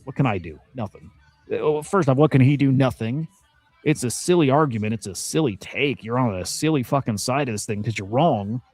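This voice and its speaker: A man's voice: medium pitch, a little fast, a little mellow, soft background music. A man streaming crypto news commentary. He rants bluntly and swears often, repeats himself, and sounds exasperated. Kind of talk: casual ranting commentary.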